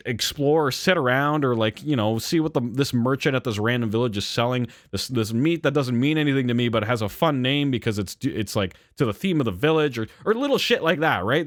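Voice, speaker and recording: A young man telling a story in a casual rant, rambling and animated, with swearing and frequent fillers and self-corrections. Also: fairly high pitch, dry recording, studio quality. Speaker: channel host.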